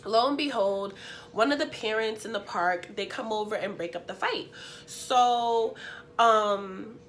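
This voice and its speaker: A young woman vlogger, sniffly and unwell, telling a story in an animated, slangy, emphatic way. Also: medium pitch, a little slow, a little hiss or hum. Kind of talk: story time.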